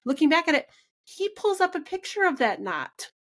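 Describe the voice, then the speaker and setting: This woman's voice sits high, and she speaks at a normal speed while hosting a casual podcast interview. She tells stories with animation, acting out the dialogue, and "like" and "right" come up constantly.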